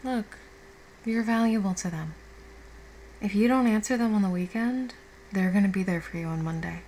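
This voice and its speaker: Casting: woman as a just-woken girlfriend, soothing and affectionate, slight vocal fry, mid pitch, audio role-play. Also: normal speed, slight background noise, close to an everyday voice, low-quality recording. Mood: tender. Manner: soft, tender and reassuring, with casual swearing. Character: affectionate young woman, the listener's caring girlfriend.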